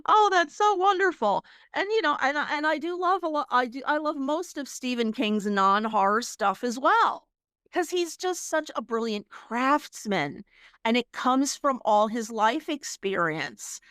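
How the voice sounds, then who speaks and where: Chatty woman co-host with a smooth voice. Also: high-pitched, expressive, a little slow, fairly bright tone, no echo, studio quality. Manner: chatty storyteller, laughs, many restarts and fillers. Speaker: podcast co-host. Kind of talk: casual chat.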